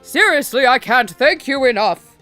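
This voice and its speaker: A woman voicing a large, beaming man with a raised, hearty voice. He gushes warm thanks at volume. Faint music plays behind in this game read. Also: sits high, lively intonation, moderate pace. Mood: effusive. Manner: loud, overjoyed greeting. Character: big, cheerful, effusive man awaiting trial.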